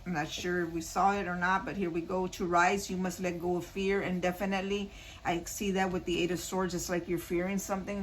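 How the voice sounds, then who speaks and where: A woman's voice: lowish voice, slight background noise, poor audio. A woman doing a casual spoken tarot reading, talking straight to her viewers and repeating her points earnestly. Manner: repetitive, earnest, addresses viewers directly. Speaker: tarot card reader.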